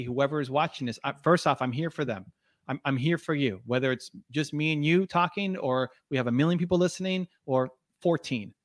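A man's voice: medium pitch, dry recording. Earnest motivational man, dry close sound. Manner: earnest, motivational, many restarts and fillers. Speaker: podcast guest, video creator. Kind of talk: conversational interview.

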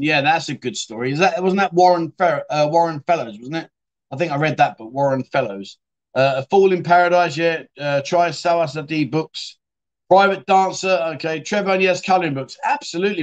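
A chatty man hosting a livestream, with a voice sitting a little high for a man. He rambles casually, drops in "mate" and reads out comments from viewers. The talk is loose and unscripted. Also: highs cut off. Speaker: livestream host.

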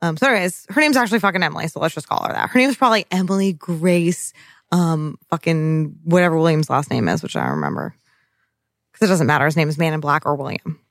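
Sarcastic podcast co-host, mid pitch, dry close recording, casual profanity. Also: expressive, creaky, fairly bright tone, no echo. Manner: sarcastic, profane, quick teasing. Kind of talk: casual recap chat.

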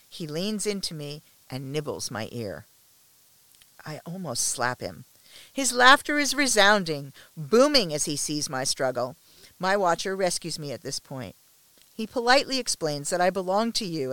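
A woman reading a first-person story aloud with a measured, restrained delivery and tense pauses. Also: lowish voice, a bit bright, dry recording.

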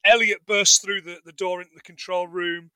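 A man's voice: high voice, little pitch movement, moderate pace, crowd noise, poor audio. A man co-hosting a casual film recap, rambling and joking and acting out lines from the movie. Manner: rambling, jokey, acts out quotes. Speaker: podcast co-host.

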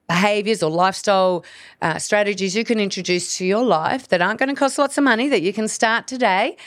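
A woman's voice: mid-range voice, dry recording. Woman, earnest coaching podcast talk, dry close sound. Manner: earnest, coaching, acts out inner voices. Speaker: podcast host, hormone practitioner. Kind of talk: solo educational podcast talk.

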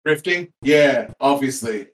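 A man playing a bitter, irate estranged son in a tabletop role-play game, ranting and swearing, swinging from loud outbursts to mutters. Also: medium pitch, lively intonation, measured pace, a little hiss or hum, rough recording. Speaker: player.

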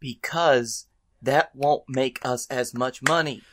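A man co-hosting a comedy podcast, pitching silly ideas in a playful, profane way. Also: slow, a bit bright. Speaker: podcast co-host. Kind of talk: casual comedy chat.

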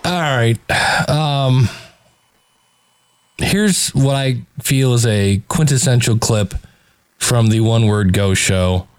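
A man's voice: medium pitch, slow pace, a little mellow, clean tone. A man hosting, giving sardonic, exasperated commentary on clips he plays, often stammering as he restarts sentences. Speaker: host reviewing a podcast. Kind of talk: critical commentary over played clips.

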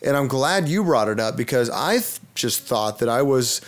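A man's voice: mid-range voice, expressive, moderate pace. A man co-hosting a casual podcast, laid-back and rambling. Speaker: podcast co-host.

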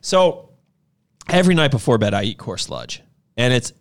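A man's voice: medium pitch, very animated, moderate pace, creaky. A man co-hosting a podcast in loose, joking casual chat, rambling and laughing easily. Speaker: podcast co-host.

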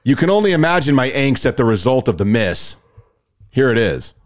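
A man's voice: medium pitch, brisk. A man hosting a casual sports podcast, chatty and often laughing as he introduces clips. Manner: chatty, laughing, animated storyteller. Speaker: podcast host.

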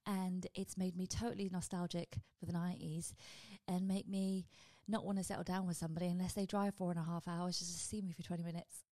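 A woman hosting her own vlog, chatting casually and rambling with quick asides to her viewers. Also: lowish voice, flat delivery, warm tone, dry recording. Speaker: vlog host. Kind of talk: casual chat.

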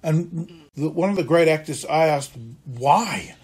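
A male actor and acting teacher telling stories from his career in a lively way, acting out the voices of people he quotes. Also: on the high side, moderate pace, slightly rough. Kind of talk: conversational storytelling interview.

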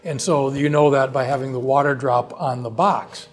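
A man, a company co-founder, tells a long business story in a relaxed conversation, often restarting his sentences. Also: medium pitch, normal speed. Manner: long rambling anecdotes with frequent restarts.

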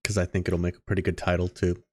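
A man's voice: sits low, level tone, quick pace, no echo. A young man co-hosting a podcast in casual chat, slangy and spinning wild ideas. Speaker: podcast co-host.

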